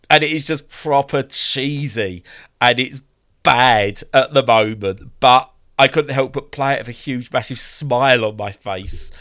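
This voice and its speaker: A man's voice: medium pitch, bright, forceful tone. A man co-hosting a casual podcast chat, rambling enthusiastically with lots of fillers and restarts. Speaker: podcast co-host.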